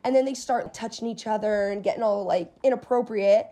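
A young woman hosting a podcast, chatting casually and telling stories in an animated way, swearing freely. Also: mid-range voice, a little fast. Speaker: podcast host. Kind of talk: casual chat.

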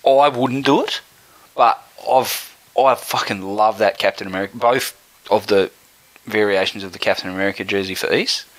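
A man co-hosting a sports podcast, telling sweary, animated stories. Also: on the low side, moderate pace, rough recording. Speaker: podcast co-host. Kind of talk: casual sports chat, storytelling.

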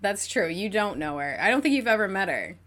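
A woman's voice: medium pitch, sing-song, a little fast, a loud crowd. A woman co-hosting a casual podcast, telling dating stories animatedly, giggling often and full of fillers. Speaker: podcast co-host.

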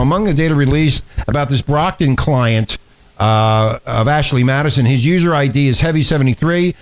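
A man co-hosting a talk show with a sore throat, reading news items in casual banter and often stumbling over and repeating words. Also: medium pitch. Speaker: radio talk show co-host.

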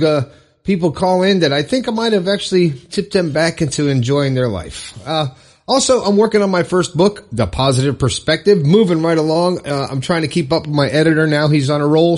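A man's voice: fairly high pitch, animated, brisk. A man hosting his own motivational podcast alone, talking casually and upbeat with frequent fillers and asides. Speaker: podcast host. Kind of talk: solo motivational podcast monologue.

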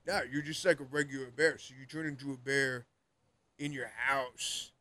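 A young man co-hosts a podcast, chatting casually and rambling, laughing often and saying "like" constantly. His voice is medium-pitched, steady, and sharp, at a normal speed.

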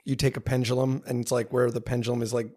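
A man's voice: medium pitch, little pitch movement, darkish tone. A young man co-hosting a podcast, explaining things in casual chat, stopping and restarting as he searches for words. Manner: explains haltingly, many fillers and restarts. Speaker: podcast co-host.

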